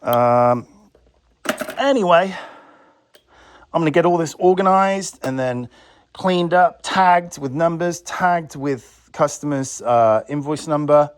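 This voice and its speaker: A man's voice: on the high side, slow pace, clean tone. A man who runs a video transfer business, ranting bluntly and sarcastically in a vlog, with some swearing.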